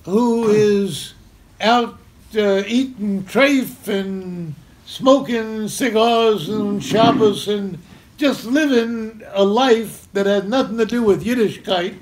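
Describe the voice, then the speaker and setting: A man's voice: high-pitched, slow pace, a little hiss or hum. An older man tells a personal story to a live audience, chuckling and acting out the scenes. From Memphis, Tennessee, US. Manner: animated, chuckling storyteller who acts out scenes. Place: community center talk in front of an audience.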